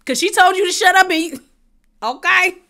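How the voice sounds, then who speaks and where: A woman vlogger giving casual, blunt and opinionated commentary on a reality TV episode, talking in an animated, slangy way. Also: very high-pitched, moderate pace.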